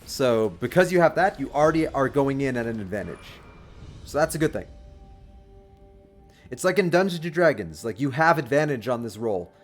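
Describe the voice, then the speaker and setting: On a game livestream, a young man chats casually and gives his viewers dating advice, friendly and rambling, with many restarts and chuckles. His voice is mid-range and sing-song at normal speed, with faint music behind him.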